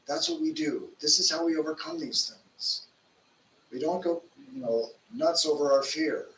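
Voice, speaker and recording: A man's voice: fairly high pitch, bright, forceful tone. A man in his fifties, a monk giving a conversational sermon, telling stories in an informal way with fillers. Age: 50s. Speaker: monk giving a spiritual talk. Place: temple lecture hall. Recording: roomy hall, distant mic, faint noise.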